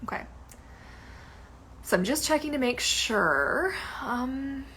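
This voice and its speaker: A woman in her thirties chatting casually as a mermaid vlogger, animated and gushing, swearing casually now and then. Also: sits high, takes it slowly, roomy sound, slight background noise. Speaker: mermaid vlogger reviewing gear. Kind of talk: casual livestream chat.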